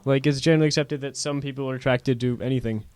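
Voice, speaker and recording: A man's voice: medium pitch, steady tone, quick pace, a little mellow, clean tone. A young man in a casual chat, speaking in a skeptical, matter-of-fact way.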